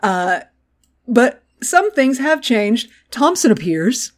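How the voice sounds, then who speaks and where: A woman co-hosting a casual podcast, recapping a TV episode in animated, swear-heavy chat. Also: a little high, slow pace. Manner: animated, swears freely, acts out character lines. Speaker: podcast co-host.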